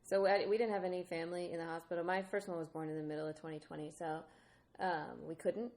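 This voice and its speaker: A woman's voice: on the low side, fairly even intonation, fast, darkish tone. A woman in her thirties co-hosting a podcast, talking candidly and laughing often as she retells what people said. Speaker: podcast co-host. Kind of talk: casual chat.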